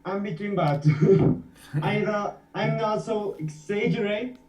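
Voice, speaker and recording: A man's voice: high-pitched, takes it slowly, darkish tone. A man who is a native Spanish speaker, a student hesitantly searching for words in an English class over a video call. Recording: roomy, dull video call audio.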